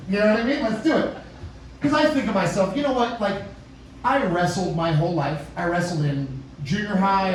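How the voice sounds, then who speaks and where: A man working a stand-up set, rambling through a crude story and turning to the crowd now and then. His voice sits fairly high. The sound is caught from far back in an echoey club room with some low noise. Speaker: stand-up comedian. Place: comedy club.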